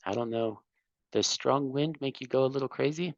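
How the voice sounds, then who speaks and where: A man's voice: mid-range voice, moderate pace, vocal fry, dry recording, lo-fi sound. A man teaching an English class, patiently explaining grammar and correcting students.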